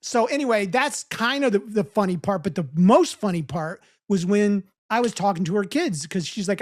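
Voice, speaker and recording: A woman's voice: mid-range voice, normal speed, hardly any pauses. Chatty woman telling a story. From St. Louis, USA. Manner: animated storyteller, acts out quoted voices, laughs easily. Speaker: podcast co-host. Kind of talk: casual storytelling chat.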